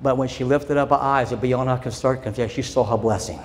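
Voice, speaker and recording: Man preaching, mid-range voice, loud declarations then soft storytelling, long church reverb. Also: mid-range voice, steady tone, moderate pace. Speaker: pastor. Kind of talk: sermon. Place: church sanctuary. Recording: long church reverb with faint background noise.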